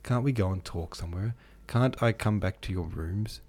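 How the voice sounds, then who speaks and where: Man reading Philip, a quiet ashamed young gentleman. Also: sits low, normal speed, slightly rough. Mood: earnest, ashamed. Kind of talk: audiobook character voice.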